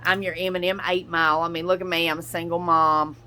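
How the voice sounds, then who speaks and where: Woman, lowish voice, bright and forceful tone, blunt, profane, confrontational rant. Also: little pitch movement, fast talker. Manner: addresses another person directly. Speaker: YouTuber and podcaster. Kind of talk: angry reaction rant.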